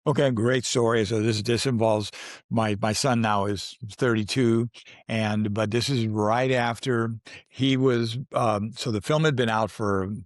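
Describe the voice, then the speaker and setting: An actor in his sixties, appearing as a guest in a casual interview, tells stories in a rambling way, restarting often and laughing as he goes. His mid-range voice has fairly even intonation and a slightly slow pace, and the recording is dry and studio quality.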